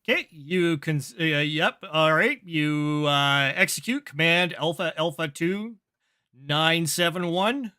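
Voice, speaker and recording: A man narrating a sci-fi tabletop game as game master, in a halting way with many fillers. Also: on the high side, sharp tone, clear, resonant tone.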